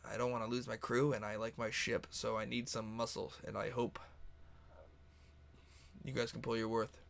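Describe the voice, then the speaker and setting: A man's voice: mid-range voice, level tone, normal speed, gravelly, fairly bright tone, pitched below the performer's own voice. A man voicing a plainspoken male ship captain laying out the voyage. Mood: plain.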